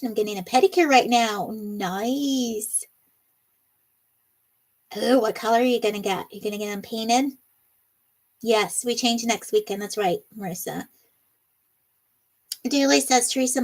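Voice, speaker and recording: A middle-aged woman hosting a casual livestream, reading viewer comments aloud and laughing often in a bubbly, chatty way. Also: a little high. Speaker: livestream host.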